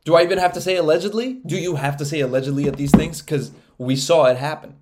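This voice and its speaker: A young man hosting a casual solo podcast, rambling with lots of swearing and frequent laughter, getting loud and animated when he gets worked up. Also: a little high, fast, very noisy. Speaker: podcast host.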